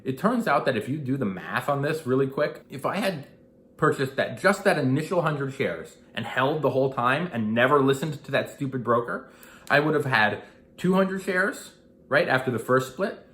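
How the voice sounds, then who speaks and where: A man in his thirties telling a personal investing story in a casual vlog, animated and acting out what people said. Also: mid-range voice, moderate pace. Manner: animated, acts out quoted dialogue. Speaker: investing vlogger. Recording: echoey room.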